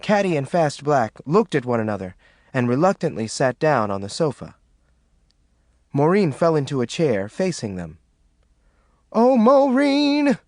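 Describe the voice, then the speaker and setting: A man narrating an audiobook with expressive scripted reading. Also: medium pitch, normal speed, no echo, studio quality.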